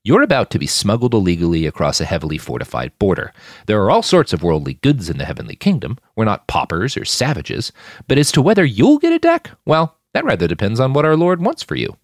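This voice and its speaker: A man's voice: on the low side, huge pitch swings, quick pace, no room sound, clean studio sound. A man voicing a stern male smuggler of the faithful who speaks in a cold, formal, clipped way.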